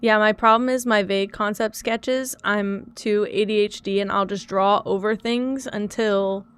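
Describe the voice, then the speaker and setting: A woman's voice: mid-range voice, steady tone, measured pace, clear, resonant tone. A young woman streamer chatting casually to her viewers, frustrated and self-critical as she talks through her troubles. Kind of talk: casual live-stream chat.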